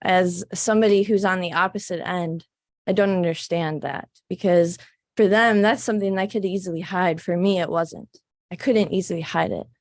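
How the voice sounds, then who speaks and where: A woman giving halting, emotional personal testimony at a city council meeting. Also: lowish voice, fairly even intonation, dry recording, studio quality. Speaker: resident giving public comment.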